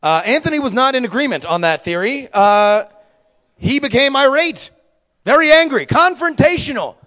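A young man doing stand-up storytelling, profane and animated, with sudden loud bursts. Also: very high voice, moderate pace, in a large hall. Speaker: stand-up comedian.

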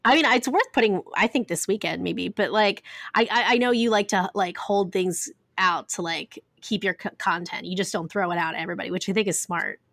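A woman's voice: medium pitch, brisk, creaky, hardly any pauses, fairly bright tone, dry recording, studio quality. A woman co-hosting a podcast, chatting casually with lots of fillers. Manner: chatty, uses many fillers. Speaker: podcast co-host. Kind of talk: casual chat.

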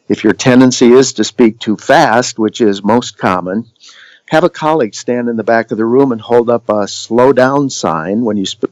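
A man giving a scripted lesson on voice and communication skills, speaking in a measured, demonstrative way with deliberate pauses. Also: medium pitch, a little mellow, no room sound, poor audio. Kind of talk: scripted instructional narration.

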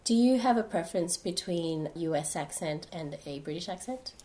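A woman's voice: on the low side, lively intonation, normal speed, warm tone. A woman interviewing a guest, asking short questions and offering brief encouraging replies. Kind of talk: casual interview chat.

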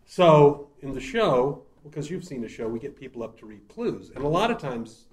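Animated, laughing male storyteller. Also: medium pitch, normal speed. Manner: animated, laughs often, frequent restarts. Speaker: murder-mystery show writer and performer. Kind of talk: casual storytelling interview.

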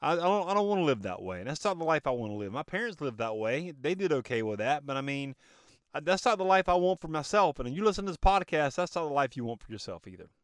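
A man delivers an emphatic, preachy motivational monologue as a podcast host, often asking himself rhetorical questions. His voice sits a little high and his throat sounds a bit choked up. The recording is dry and close, made on a phone in his car. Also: sing-song, fast, smooth, no echo.

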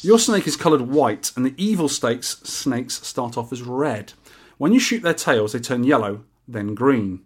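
A man's voice: mid-range voice, lively intonation, measured pace, breathy edge. A man hosting a podcast, explaining how an arcade game works in a laid-back, joking way. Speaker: podcast host. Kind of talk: casual podcast chat.

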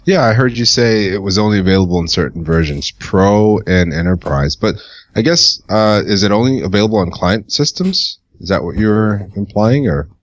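A man co-hosting a podcast who talks in a measured way with dry humor. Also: lowish voice, expressive, muffled recording. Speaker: podcast co-host. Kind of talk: casual podcast chat.

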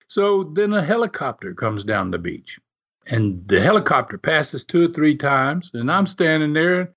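A man's voice: on the high side, moderate pace. A man telling a casual anecdote in a rambling way, chuckling often and filling gaps with "uh" and "you know.". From United States. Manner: animated, rambling, chuckles often, many fillers. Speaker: storyteller. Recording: muffled lo-fi recording.

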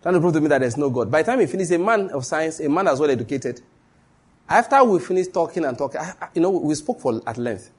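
A Nigerian male pastor preaching a live-streamed sermon, telling stories and repeating key phrases for emphasis, dropping to a hush and then rising. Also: on the high side, animated, fast talker, husky. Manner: dramatic shifts between hushed and raised voice.

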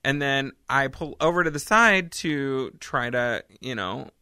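A woman co-hosting a podcast, telling a story in a casual, animated way and laughing often. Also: rumbling low, measured pace, smooth, dry recording, clean studio sound. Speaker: podcast co-host.

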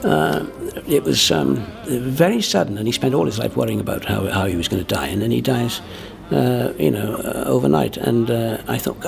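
A man, a performer, talking in a halting interview manner full of restarts. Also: mid-range voice, animated, vocal fry, soft background music. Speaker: guest, impressionist performer. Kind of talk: conversational interview.

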